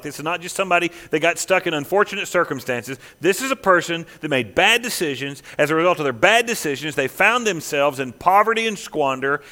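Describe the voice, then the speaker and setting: A man preaching a sermon as pastor, emphatic, dropping to hushed, slow lines and rising again. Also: fairly high pitch. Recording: long reverb of a large hall.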